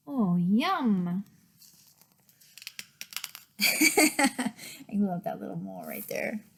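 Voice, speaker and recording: A woman who works as a children's librarian, reading picture books aloud in a gentle, expressive manner that often drops to a whisper. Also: mid-range voice, drawn-out words, gravelly, pauses often, slightly rough. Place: public library.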